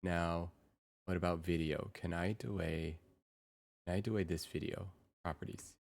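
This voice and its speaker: A young adult woman livestreaming in casual chat, excitable and quick to repeat herself in bursts. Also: rumbling low, gravelly.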